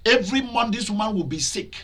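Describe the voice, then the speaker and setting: Male pastor, high and bright, sermon with loud bursts. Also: expressive, fast talker. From Nigeria. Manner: preaching with loud outbursts and laughter.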